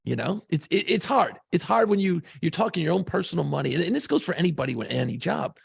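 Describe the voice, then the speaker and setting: A man's voice: fairly high pitch, lively intonation, fast talker, creaky, husky, no room sound, clean studio sound. A man co-hosting a podcast in casual chat, handing out blunt advice and swearing freely. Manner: blunt, swears, gives pep-talk advice. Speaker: podcast co-host.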